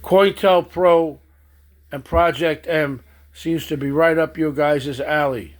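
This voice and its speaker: A man's voice: a little high, fairly even intonation, a little slow. A man giving a stern political monologue, accusing and addressing people directly. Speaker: political commentator.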